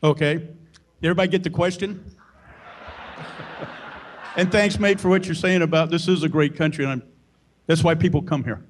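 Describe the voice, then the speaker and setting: A man moderating a town hall meeting, brisk and friendly. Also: fairly high pitch, fairly even intonation, a little hiss or hum.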